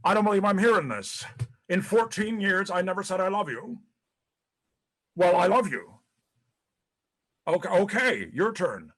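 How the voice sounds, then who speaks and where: A man's voice: high voice, sing-song, normal speed, fairly bright tone, full character voice. An actor playing a disgraced, paranoid older male ex-president in a dramatic monologue, profane and rambling, stammering over repeated words. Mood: self-pitying, bitter.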